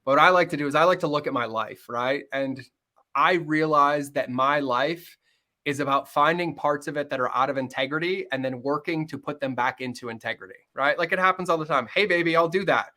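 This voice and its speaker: A middle-aged man speaking candidly as a podcast guest, earnest and fast-flowing, often acting out bits of dialogue. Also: a little high, sharp tone. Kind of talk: candid interview conversation.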